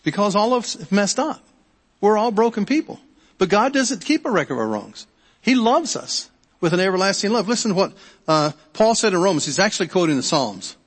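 A middle-aged male pastor preaching a sermon in a conversational way, often repeating words and checking in with the congregation. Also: a little high. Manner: conversational, repeats words and restarts, asks the audience. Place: church sanctuary. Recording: long hall reverb.

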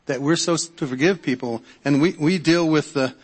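Middle-aged pastor guy preaching, kinda high voice, lots of restarts, big reverby church. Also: moderate pace, slightly rough. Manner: conversational, repeats words and restarts, asks the audience. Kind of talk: sermon. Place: church sanctuary. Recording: long hall reverb.

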